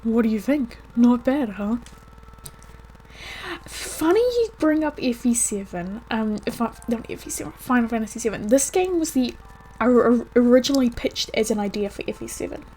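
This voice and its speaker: A woman's voice: a little high, big pitch swings, brisk, a little mellow, a little hiss or hum. A woman streaming a video game who chats casually and laughs often. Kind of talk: casual gameplay commentary.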